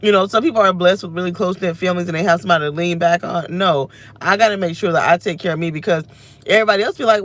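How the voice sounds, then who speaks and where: A woman's voice: fairly low pitch, rapid-fire. A woman in her thirties venting and reflecting aloud while sitting in a car, in a rambling, self-reflective way. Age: 30s. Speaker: vlogger. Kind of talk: emotional personal rant to camera.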